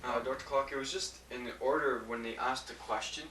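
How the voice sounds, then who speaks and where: Male student, bright voice, unsure and halting. Distant, roomy classroom recording with faint hiss. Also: medium pitch, steady tone. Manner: hesitant, full of uh and um. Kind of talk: classroom question and answer.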